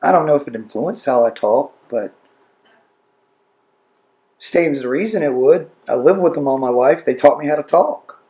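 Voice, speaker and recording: A man with a North Carolina accent telling stories in a relaxed, plain-spoken way. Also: a little high, normal speed, pauses often, roomy sound. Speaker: interviewee. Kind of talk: storytelling.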